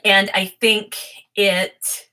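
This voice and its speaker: A bright, clear-toned woman chatting her way through a tarot spread. She rambles and gets sidetracked, giggling as she goes, with a middling pitch. Her talk is loose and unscripted. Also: flat delivery, drawn-out words. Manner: rambling, easily distracted, giggly. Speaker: tarot reading streamer. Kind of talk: casual chatty tarot reading.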